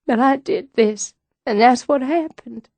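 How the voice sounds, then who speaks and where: A woman voicing a fragile, ashamed young woman in an audiobook, with a halting, emotional delivery. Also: fairly high pitch, mellow, dry recording. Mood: distraught. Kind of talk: audiobook dialogue.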